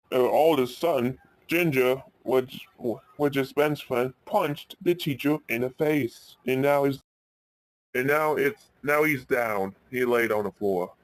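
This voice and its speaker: A man's voice: medium pitch, dry recording. A man casually improvising a cartoon story for his channel, rambling with frequent restarts. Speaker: YouTube storyteller.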